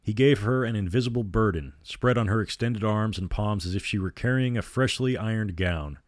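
A man with a low voice reads a horror story aloud at a measured, steady pace. The sound is dry and close to the mic, with no room around it. He stays calm and even as he reads. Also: no room sound. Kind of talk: reading a horror novel aloud.

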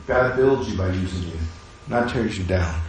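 A man preaching a sermon as pastor, shifting between quiet, intimate asides and rising, urgent calls to his congregation. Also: sits low, moderate pace, slight background noise. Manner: swings from hushed asides to rising exhortation. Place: church sanctuary. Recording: very echoey church room.

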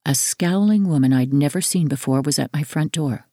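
A woman narrating a first-person memoir audiobook in a measured, earnest reading. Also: sits low, warm tone, no echo, studio quality.

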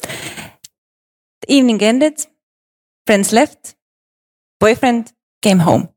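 A woman giving a storytelling speech on stage, swinging between hushed pauses and excited pleading, with repetitions. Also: on the high side. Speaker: speaker presenting a personal story.

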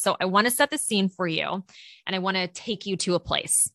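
A woman's voice: lowish voice, quick pace, no echo. Chatty woman podcast co-host. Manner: lively, chatty, laughs often. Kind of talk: casual podcast chat.

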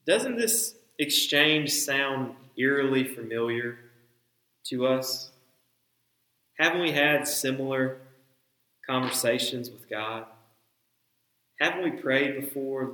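Man, pastor, sermon, bright tense voice, dramatic, acts out dialogue. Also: mid-range voice, slow, long pauses, echoey room, poor audio.

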